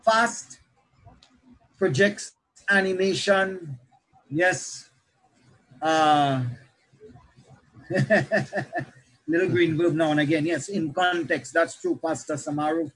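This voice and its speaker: A man, himself a pastor, lecturing other pastors on how to preach, with animated teaching that shifts pace and loudness. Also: on the high side, slow pace, pauses often, breathy edge, low-quality recording.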